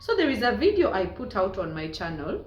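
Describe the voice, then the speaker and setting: A woman's voice: medium pitch, huge pitch swings, brisk, muffled recording. A Ugandan woman with a Ugandan accent, chatting playfully to camera as a vlogger and laughing often. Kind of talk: casual commentary to camera. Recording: echoey room with faint ambient noise.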